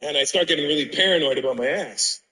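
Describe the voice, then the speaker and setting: A man's voice: a little high, fast, pushed and bright, breathy edge, rough recording. A man doing a stand-up comedy set in front of a live audience, telling a brash, profane story full of acted-out dialogue.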